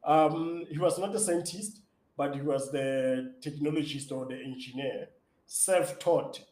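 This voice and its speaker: A man talks as an interview guest. He gets excited and enthusiastic as he speaks, and his voice sits a little high for a man. The recording has a roomy echo around him. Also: measured pace. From South Africa. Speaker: app founder and interview guest. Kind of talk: interview answers.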